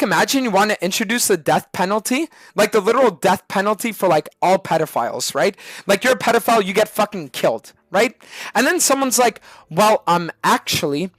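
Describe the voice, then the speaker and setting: A man's voice: high-pitched, a bit bright, breathy edge, no room sound. A male streamer ranting on a live stream, swearing and arguing hard with chat. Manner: profane, ranting, argumentative.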